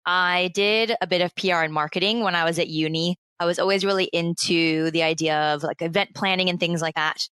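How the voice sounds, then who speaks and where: American woman, late 30s, interview guest, smooth low voice, dry close sound. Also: fairly quick, few pauses, dry recording. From United States. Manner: lively, chatty, laughs often. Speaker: guest, founder of a play consultancy. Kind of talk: casual interview storytelling.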